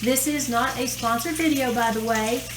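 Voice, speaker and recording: A woman's voice: on the high side, fairly even intonation, normal speed. A woman hosting a casual cooking tutorial in her home kitchen, in a chatty, homey way with folksy phrasing. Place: home kitchen, food sizzling. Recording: echoey kitchen with cooking noise.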